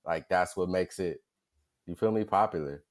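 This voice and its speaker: Male co-host, lower voice, relaxed and agreeable, casual chat. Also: moderate pace. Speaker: podcast co-host.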